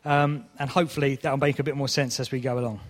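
A man's voice: medium pitch, level tone, fast talker, in a large hall. A man preaching a sermon, telling a story with mock exasperation.

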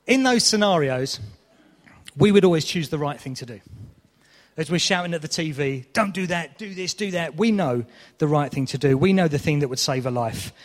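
A man's voice: a little high, expressive, moderate pace, in a large hall. A man preaching a sermon, telling a story with mock exasperation.

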